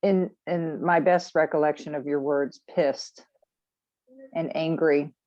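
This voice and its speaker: Woman, low voice, very slow, earnest, affirming, dry muffled call audio. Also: fairly even intonation, a little mellow, no room sound. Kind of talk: supportive feedback in a group call.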